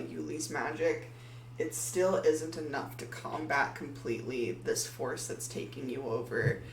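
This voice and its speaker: A woman narrating as game master of a tabletop game, hesitant and full of filler words. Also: deep voice. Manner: hesitant, full of ums and likes. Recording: echoey room, far from mic, faint hum.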